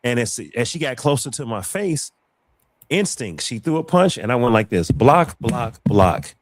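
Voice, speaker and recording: A man's voice: mid-range voice, very animated, a little slow, dry recording. A man hosting a casual live talk show, telling a personal story with animation and repeating phrases for emphasis. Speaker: livestream show host. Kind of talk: casual chat.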